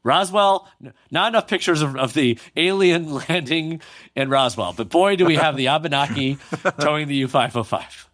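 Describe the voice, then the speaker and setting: A man's voice: fairly high pitch, lively intonation, normal speed, a bit bright, dry recording, clean studio sound. A man hosting a podcast, telling a history story in a casual, jokey way and reading quotes aloud. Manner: jokey, reads quotes aloud with playful asides. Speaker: podcast host.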